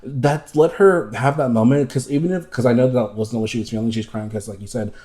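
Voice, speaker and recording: A man hosts a casual podcast, ranting emphatically and swearing freely. He slips into campy, mocking impressions to make his point. His voice has a mellow, warm color. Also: mid-range voice, fairly quick. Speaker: podcast host. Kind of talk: casual chat.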